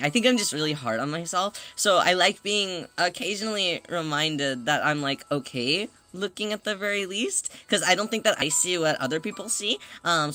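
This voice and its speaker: A man chatting casually on a livestream, rambling and self-conscious, greeting viewers as they arrive. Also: on the high side. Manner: greets chat members warmly.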